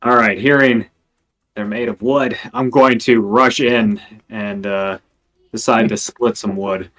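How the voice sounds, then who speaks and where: A man's voice: fairly low pitch, steady tone, takes it slowly, fairly bright tone. A man playing a tabletop game, eagerly describing his character's attacks. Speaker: player.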